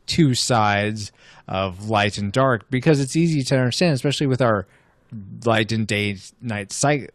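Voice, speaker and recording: A man's voice: lowish voice, moderate pace, dry recording, clean studio sound. A man co-hosting a casual podcast, joking around and rambling with filler words. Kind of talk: casual chat.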